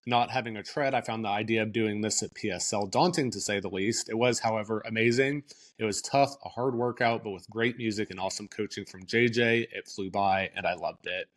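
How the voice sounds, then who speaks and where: A man's voice: fairly low pitch, fairly quick. A man co-hosting a podcast, reading news items in an easygoing, casual way and often hedging with "I think". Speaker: podcast co-host.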